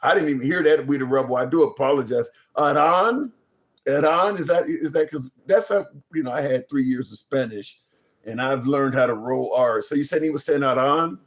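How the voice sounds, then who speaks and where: A man's voice: mid-range voice, brisk. A man hosting a live political stream, reading chat comments and reacting bluntly, incredulous and swearing freely. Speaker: political talk stream host.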